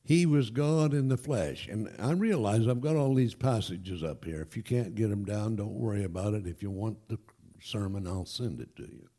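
A man preaching a sermon to his congregation, emphatic and animated, with folksy asides. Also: on the low side, moderate pace. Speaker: pastor. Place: church.

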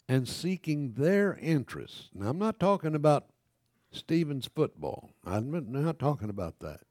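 A man's voice: medium pitch, warm tone, dry recording, studio quality. An older man preaching a sermon, reading scripture aloud and turning to the congregation with conversational asides, with frequent self-corrections.

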